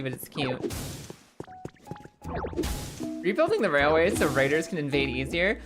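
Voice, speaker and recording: A woman's voice: deep voice, big pitch swings, quick pace. A woman livestreaming a game, chatting playfully with her viewers, joking and swearing freely. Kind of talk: casual gameplay commentary to a live chat. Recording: game music playing behind.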